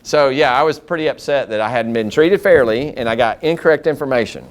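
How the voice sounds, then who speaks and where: A man's voice: mid-range voice, brisk. A man giving a customer service training talk to school district staff, telling stories and acting out the dialogue in them. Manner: lively storyteller who acts out dialogue.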